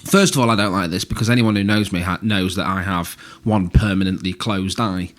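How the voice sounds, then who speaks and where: A man's voice: low voice, brisk, fairly bright tone. A man in his thirties co-hosting a podcast, telling casual stories dryly, swearing and laughing at his own tales. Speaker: podcast co-host. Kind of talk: casual banter and storytelling.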